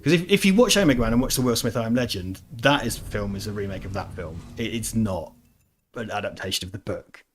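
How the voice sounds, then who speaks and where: A man's voice: fairly low pitch, animated, fast, a little hiss or hum. Rambling British man chatting over a game. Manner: rambling, swears, laughs often. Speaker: let's play host. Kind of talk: casual gameplay chat.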